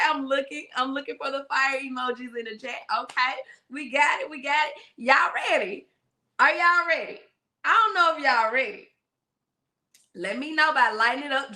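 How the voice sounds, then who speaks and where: Bright, high-voiced hype host woman. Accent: regional American. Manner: hyped, talks straight to her chat audience. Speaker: interview show host. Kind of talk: live-stream interview hosting.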